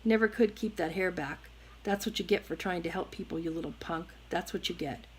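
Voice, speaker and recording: A hard-edged teenage gang boy, gruff and impatient, with a low voice for his age, as a woman reads his lines aloud from a novel. He sounds reckless and streetwise. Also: fairly quick, rough recording. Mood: grieving.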